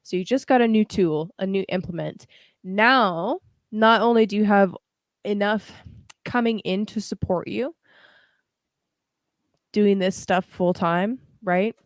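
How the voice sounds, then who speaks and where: A young woman hosts a casual tarot livestream, talking straight to her viewers in a chatty, encouraging way. Her voice sits at an everyday middle pitch. The sound is dry and close, with no room around it. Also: measured pace, dry recording. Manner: chatty and encouraging, with frequent fillers and casual swearing. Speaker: tarot reader and livestream host. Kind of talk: casual livestream card reading.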